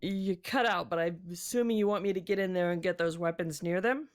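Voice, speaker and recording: A woman's voice: lowish voice, a little fast. A woman playing a tabletop game, talking casually and hesitantly, often asking questions. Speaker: player.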